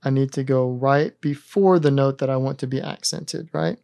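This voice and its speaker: Calm, methodical man explaining synth steps. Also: medium pitch, moderate pace, creaky, dry recording, studio quality. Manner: calm, methodical, talks through each button press. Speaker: synthesizer tutorial host. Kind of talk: step-by-step instructional demonstration.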